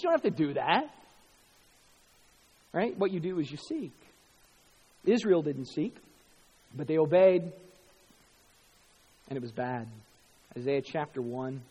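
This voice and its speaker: A man preaching a sermon as pastor, animated, dropping to hushed tones and rising to loud emphatic bursts. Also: a little high, normal speed, long pauses, breathy edge, long reverb tail, muffled recording.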